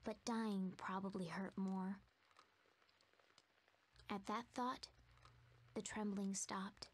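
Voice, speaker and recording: A woman narrating a video game in a soft, hushed, fearful storytelling manner, voicing a timid young female narrator. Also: medium pitch, fairly even intonation, slow pace, slight background noise, natural voice.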